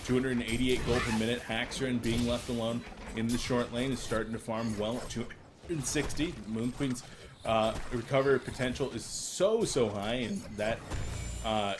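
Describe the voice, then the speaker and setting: A man's voice: medium pitch, moderate pace, noisy background. A young man with hiccups casting a video game match alone from home, chatty and self-deprecating. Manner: chatty, self-deprecating, bursts of excitement on plays. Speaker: esports caster. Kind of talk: solo play-by-play commentary from home. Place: room at his mother's home.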